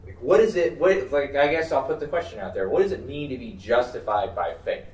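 Male Bible study leader, mid-pitched, conversational, lots of fillers and restarts, distant mic in an echoey room. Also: lively intonation, brisk, a little mellow. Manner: thinks aloud with many fillers and restarts. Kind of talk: conversational teaching. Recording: roomy, distant mic, faint background noise.

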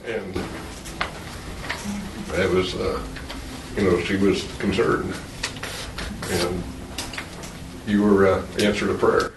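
An older man in a church group, sharing a thought slowly and hesitantly. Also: low-pitched, level tone. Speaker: church member answering from the group. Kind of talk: casual remarks from the audience. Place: church meeting room. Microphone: distant, off-mic. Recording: distant voice in an echoey room, clear background noise.

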